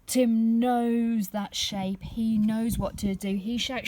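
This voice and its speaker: A woman nursery teacher reading a picture book aloud to young children, animated and expressive, pausing to ask them questions. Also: a little high, slight background noise.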